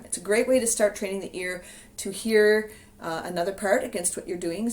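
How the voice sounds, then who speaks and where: Woman explaining teaching cards to camera. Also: fairly low pitch. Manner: relaxed, explanatory, talks directly to camera. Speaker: music teacher. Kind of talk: instructional video talk. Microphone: camera she films herself with.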